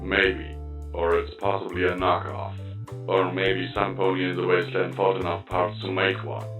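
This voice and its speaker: A wry, matter-of-fact male voice crackling through a battered flying robot, put on by a man. The sound is low, staticky and dull as if from a cheap speaker in a roomy space. Plucked guitar music plays clearly behind. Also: completely flat delivery, moderate pace. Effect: mechanical, staticky speaker.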